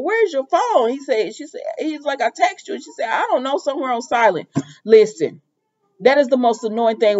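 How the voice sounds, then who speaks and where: A woman's voice: medium pitch, a little mellow. A woman casually recapping a soap opera for viewers, chatty and laughing often, acting out the characters' lines. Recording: dull lo-fi audio.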